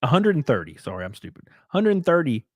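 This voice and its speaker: A man's voice: fairly high pitch, very animated, fast, no room sound, clean studio sound. A man hosting a casual livestream, crude, joking and rambling. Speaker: livestream host.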